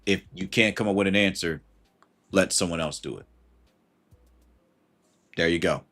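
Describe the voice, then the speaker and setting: A man with a somewhat low voice chats through a casual livestream. He hands out advice in a loose, slangy way and breaks off to greet viewers. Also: moderate pace, a bit bright, soft background music. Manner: conversational and slangy, greets chat viewers mid-thought.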